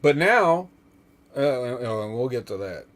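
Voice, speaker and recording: A man's voice: mid-range voice, big pitch swings, unhurried. A man hosting a casual wrestling talk podcast, rambling with lots of fillers and frequent chuckles. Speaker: podcast host.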